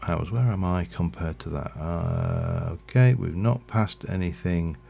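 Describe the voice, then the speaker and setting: A man's voice: sits low, unhurried, vocal fry, mellow, a little hiss or hum. A man from Yorkshire, England with a slight Yorkshire accent, rambling and chatty as he streams a game and corrects himself mid-sentence. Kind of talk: casual livestream gameplay commentary.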